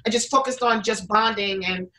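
Bright-voiced chatty woman telling her story. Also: medium pitch, normal speed, rough recording. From United States. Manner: chatty, many fillers and restarts, acts out quotes. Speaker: interview guest, pizza business owner. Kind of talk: casual interview storytelling.

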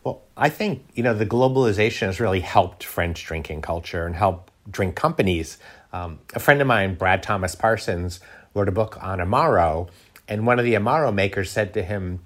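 A man's voice: on the low side, lively intonation, moderate pace. A middle-aged man talking in a casual interview, rambling with restarts and fillers. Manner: rambling, many restarts and fillers, laughs often. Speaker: guest, food writer.

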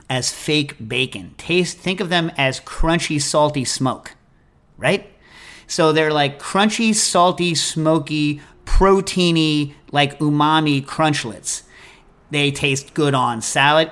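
A man hosting a podcast in casual chat, talking in an animated, rambling, jokey way. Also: a little high. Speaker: podcast host.

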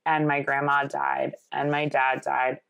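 A woman's voice: very deep voice, little pitch movement, unhurried, gravelly, fairly bright tone, no echo. A woman hosting a podcast interview, speaking in an earnest, effusive way and stringing many clauses together. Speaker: podcast host. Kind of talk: casual conversational interview.

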